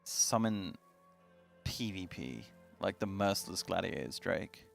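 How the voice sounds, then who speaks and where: A man's voice: low-pitched, animated, unhurried, creaky, faint music behind. A man co-hosting a stream, chatting casually and teasing with a joking manner. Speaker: stream co-host. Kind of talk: casual chat. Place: streaming studio.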